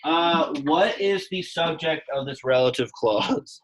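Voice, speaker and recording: A man's voice: on the high side, a little slow, a crowd in the background, poor audio. A young man teaching a Latin class, speaking casually and quizzing his students with questions. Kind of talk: classroom lecture.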